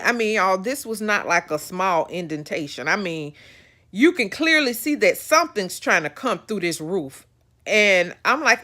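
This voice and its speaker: A woman hosting a podcast, telling a personal story to her listeners in an animated way, repeating phrases for emphasis. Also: mid-range voice, unhurried. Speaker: podcast host.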